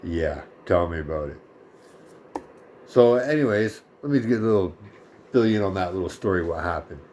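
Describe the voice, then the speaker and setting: A man's voice: low voice, animated, moderate pace, a little mellow, a little hiss or hum. Brief: man, 30s, casual vlog rant, sarcastic, cusses a lot. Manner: blunt, profane, sarcastic. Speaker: vlogger. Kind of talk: casual ranting story.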